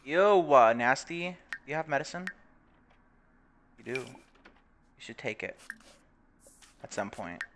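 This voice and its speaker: A man's voice: medium pitch, big pitch swings, a little slow, long pauses, noisy background. A young man giving casual, profane commentary on a life-simulation game, laughing often and putting on mocking voices. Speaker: gaming video creator.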